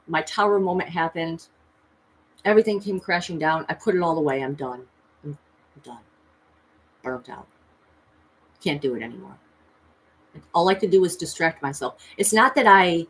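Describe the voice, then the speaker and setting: A woman in her thirties telling a personal story in a confessional vlog, emotional and earnest, with pitch jumping high as she recalls pleading. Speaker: tarot reader and vlogger.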